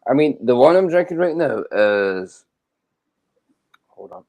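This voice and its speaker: Slow, lively Scottish man. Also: medium pitch, creaky, highs cut off. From Scotland. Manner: swears freely, loose and chatty. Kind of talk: casual chat.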